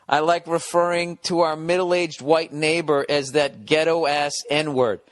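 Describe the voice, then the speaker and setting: A man's voice: a little high, unhurried, hardly any pauses, no echo. A man hosting a podcast, reading listener letters aloud and breaking in with blunt, profane comic riffs in a casual monologue.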